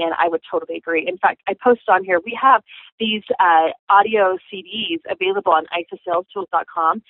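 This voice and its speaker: Fast-talking woman coaching her sales team. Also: medium pitch, no room sound. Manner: chatty, many "you know"s and "okay?" checks. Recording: tinny phone-like, dry sound.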